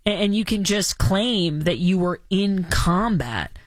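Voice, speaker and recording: Sarcastic radio host woman, lively pitch. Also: measured pace, dry recording. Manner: sarcastic, mock-dramatic. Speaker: radio talk show host. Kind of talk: casual opinionated chat.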